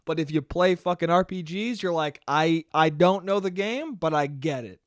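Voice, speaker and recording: A man's voice: on the high side, normal speed, no room sound, studio quality. A young man ranting casually and profanely on his own podcast, rambling and joking. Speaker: podcast host. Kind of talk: solo casual podcast rant.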